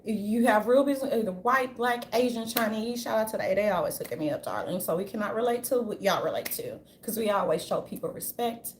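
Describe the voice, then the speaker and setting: A woman giving an unscripted commentary rant, brash and profane, with a sassy, animated delivery. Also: medium pitch, a little fast, hardly any pauses, a little hiss or hum. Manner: brash, profane, sassy, repeatedly says "darling"; animated, jumps into mocking voices. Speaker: commentary vlogger.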